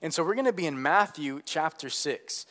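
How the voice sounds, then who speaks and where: A young man preaching as a pastor, earnest and animated, with many fillers and restarts. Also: a little high, moderate pace. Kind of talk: sermon.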